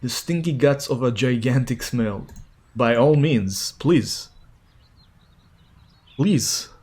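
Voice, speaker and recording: A man's voice: medium pitch, animated, slow pace, darkish tone, breathy edge. A man streaming a game, talking casually and playfully as he reacts to what happens. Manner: chatty and playful, reacting aloud as he plays. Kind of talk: casual gameplay commentary.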